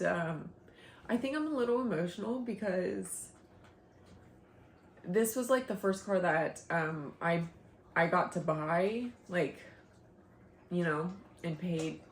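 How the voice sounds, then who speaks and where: A woman's voice: lowish voice, slow, long pauses, roomy sound, a little hiss or hum. A young woman, a stay-at-home mom, chatting casually at home in a rambling way, often laughing and sighing. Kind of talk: casual chat to camera. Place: home, indoors.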